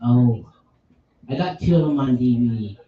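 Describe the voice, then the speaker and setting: A man's voice: mid-range voice, lively intonation, normal speed. A man hosting a casual pub podcast, chatting enthusiastically and rambling about movies with a ready laugh. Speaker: podcast host. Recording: echoey room, distant mic, dull sound.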